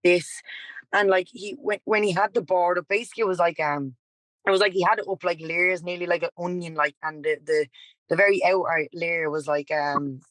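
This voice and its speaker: A Dublin woman in her twenties, a yoga and dance teacher, guests on a podcast and tells a personal story in a rambling, candid, animated way, repeating "like" and "he was like." Her voice is on the low side and brisk, in a dry, rough recording.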